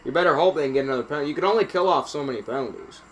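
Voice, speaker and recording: A man giving live play-by-play reaction commentary on a hockey game, excitable and getting loud on penalties, with chatty asides between plays. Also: fairly high pitch, very fast, slight background noise. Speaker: streamer calling the game.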